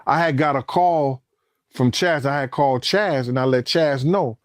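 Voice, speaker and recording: A man's voice: medium pitch, moderate pace, no echo, studio quality. A man telling a story in casual, profane speech, acting out the quoted voices and raising his voice as it gets tense. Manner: acts out quoted lines, cursing, rising to shouts when excited. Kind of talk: animated storytelling.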